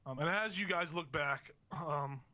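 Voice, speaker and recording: A man's voice: fairly high pitch, measured pace, sharp tone. A young man running a tabletop game as game master, narrating in a rambling way with many fillers and restarts.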